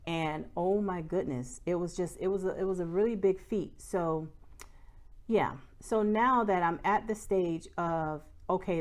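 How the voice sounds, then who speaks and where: A woman's voice: fairly low pitch, a little mellow. Chatty candid woman vlogger. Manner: candid, chatty, says "y'all" and "like" a lot. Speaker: small business owner and vlogger. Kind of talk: casual chat to camera.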